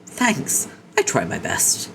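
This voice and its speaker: A man voicing a polite, cheerful teenage boy in a high, eager voice. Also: huge pitch swings, slow pace, vocal fry, a bit bright, a little hiss or hum, heavily acted.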